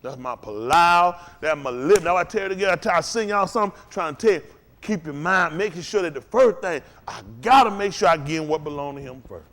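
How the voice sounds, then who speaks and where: Fiery high-pitched preacher man. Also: animated, brisk. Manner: swings from shouted peaks to low intense murmurs; folksy, repetitive preaching cadence. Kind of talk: impassioned sermon with call-and-response. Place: house of worship.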